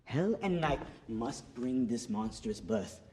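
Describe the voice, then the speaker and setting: A scheming Shakespearean villain, played by a man acting a monologue. He plots in low murmurs and breaks into louder bursts. The voice sits in a middle register. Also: expressive, slow. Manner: plotting, shifting between loud and hushed. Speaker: acting student.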